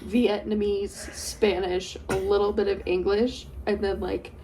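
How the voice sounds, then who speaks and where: A woman's voice: mid-range voice, level tone, unhurried, dark tone, slight background noise. A woman in her twenties co-hosting a podcast, talking casually in a rambling, giggly way with lots of fillers. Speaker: podcast co-host. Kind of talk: casual chat.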